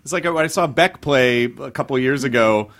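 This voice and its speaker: A man's voice: medium pitch, brisk, fairly bright tone. A man hosting a podcast in casual chat, reflective and swearing casually. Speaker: podcast host.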